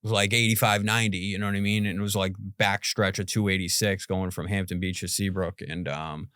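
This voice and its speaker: A man's voice: low voice, little pitch movement, brisk, fairly bright tone, clear, resonant tone, dry recording, clean studio sound. A man in his forties from Boston, a podcast guest telling a story in a rambling, casual way, full of "like" and "you know" and the odd swear word. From Boston, USA.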